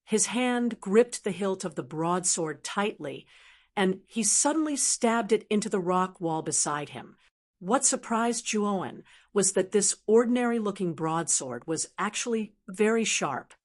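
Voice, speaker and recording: A woman's synthetic voice reading an audiobook in even, steady scripted narration. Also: mid-range voice, a little slow.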